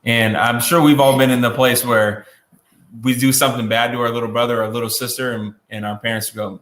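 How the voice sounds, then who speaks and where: Man, Bible lesson, conversational retelling, fillers and restarts, middle pitch, roomy echo. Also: level tone, a little fast, fairly bright tone. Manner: conversational, many fillers and restarts, acts out quotes. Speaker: Bible teacher.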